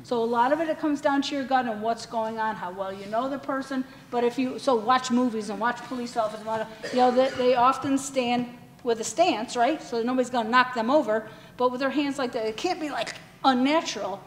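A woman's voice: fairly high pitch, a little fast, long reverb tail, slight background noise. A woman leading a training session, talking conversationally and putting questions to the room.

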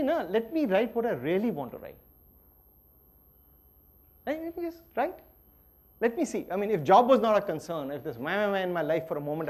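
A middle-aged man with an Indian English accent giving a lively, playful workshop lecture that swings between loud emphasis and quiet asides. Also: high voice.

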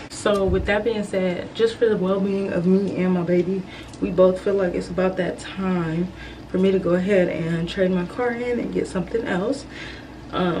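A young woman chatting casually to camera in a loose, informal way, giving viewers updates on her day. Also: fairly low pitch. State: out of breath after climbing stairs. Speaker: vlogger. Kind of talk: casual vlog chat. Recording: distant camera mic with background noise.

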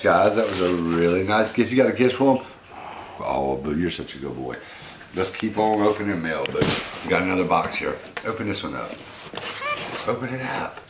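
A man's voice: on the low side, echoey room, background noise. A man casually unboxing fan mail and talking sweetly to his pet monkey. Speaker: pet vlogger.

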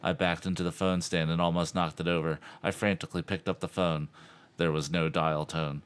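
Low-voiced male podcast co-host reading a novel aloud, dry, joking asides. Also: level tone, a little fast, clear, resonant tone. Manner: reads dryly, breaks into laughs and asides.

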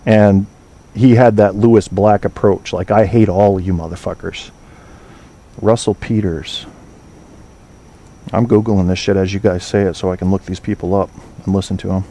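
A man's voice: sits low, flat delivery, normal speed, dark tone. A man hosting an online talk show, chatting casually with listeners, rambling, swearing and trailing off while he hunts for names. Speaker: podcast host.

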